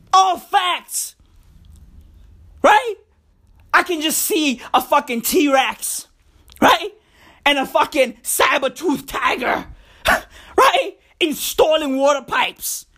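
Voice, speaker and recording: A South African woman rants in a comedic monologue, her voice pitched high and her delivery unhurried despite her buzzing energy. She leans on slang and swearing and circles back to repeat her lines for emphasis. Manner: hyper-energetic, slangy, profane, repeats phrases.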